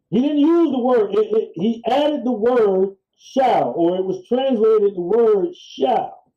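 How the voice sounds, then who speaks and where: A man delivers a sermon-style teaching at an unhurried pace, stressing words and going back over his points. His voice sits high for a man. The recording is somewhat dull and lo-fi. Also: lively intonation, warm tone. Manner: slow, deliberate, repeats key phrases. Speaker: preacher.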